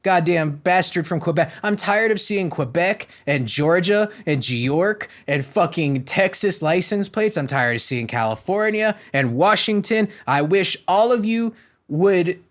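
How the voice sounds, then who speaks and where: A man's voice: high voice, expressive, measured pace. A man from Florida hosting a podcast, ranting in a profane, sarcastic, rambling comedic style. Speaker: podcast host. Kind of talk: comedic rant.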